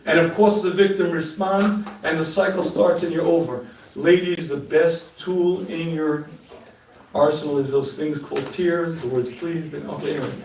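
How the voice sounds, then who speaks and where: A middle-aged man with a high-pitched voice gives a live talk and answers questions from the audience. He is animated and joking, and laughs at his own asides. He is picked up from a distance in an echoey hall. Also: moderate pace, slight background noise. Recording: echoey room, mic at a distance.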